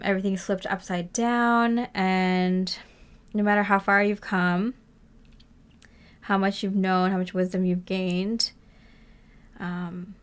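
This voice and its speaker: A woman talks through a tarot reading in a relaxed, rambling way, stopping for fillers and soft laughs. Her voice sits in a middle pitch, close to the mic and conversational. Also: clean tone. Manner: chatty and rambling, lots of fillers, laughs often. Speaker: tarot reader. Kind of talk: casual spoken tarot reading.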